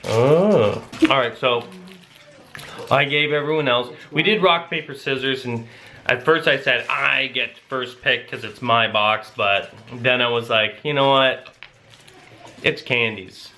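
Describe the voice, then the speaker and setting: A man's voice: medium pitch, unhurried, pushed and bright. A tired man from Canada, chatting casually and rambling a little as he hosts his family vlog. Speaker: family vlogger.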